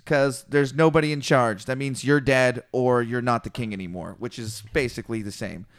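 Reading scripture on a podcast he co-hosts, this man has a slightly high, fairly bright, clean-toned voice. He keeps it casual, breaking in with slang and profanity and imitating the characters.

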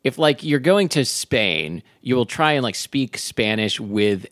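A man's voice: medium pitch, animated, a little slow, a bit bright, no echo, clean studio sound. A man co-hosting a casual show, riffing playfully and making things up as he goes. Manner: joking, rambling, full of fillers and restarts. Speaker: podcast co-host. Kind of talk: casual chat.

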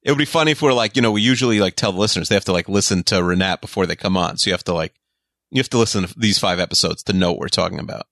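A man co-hosting a podcast in casual chat, eager and quick, trailing off into asides. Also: low-pitched, fairly bright tone, dry recording, clean studio sound. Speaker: podcast co-host.

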